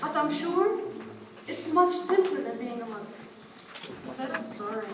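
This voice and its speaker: An actress playing a weary wife and mother who muses dryly and ironically, in a stage monologue. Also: very high voice. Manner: dry, musing, ironic. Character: weary, wry wife and mother reflecting aloud. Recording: echoey hall, mic far off, noisy.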